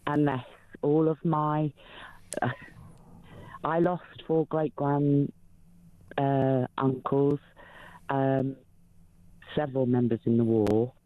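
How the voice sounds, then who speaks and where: A woman in her fifties calling in to a talk show, speaking emotionally and haltingly with many fillers. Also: rumbling low, level tone, no echo. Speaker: caller. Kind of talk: phone-in call. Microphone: telephone. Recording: tinny phone line.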